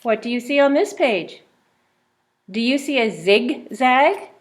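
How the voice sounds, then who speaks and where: Slow, lively woman teaching phonics. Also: a little high. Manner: slow, sounding out words and asking questions. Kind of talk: reading a phonics picture book to young pupils.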